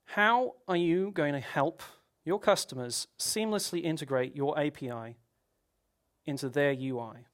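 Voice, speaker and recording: A man's voice: on the high side, measured pace. Man giving a technical conference talk. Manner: explanatory, with frequent restarts and rhetorical questions. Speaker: conference speaker.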